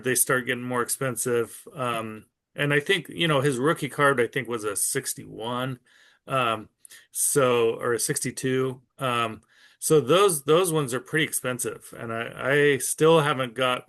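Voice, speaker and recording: A man's voice: mid-range voice, measured pace, a bit bright. A man in his fifties, a card-collector guest, chatting casually and trailing off with frequent ums. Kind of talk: casual podcast chat.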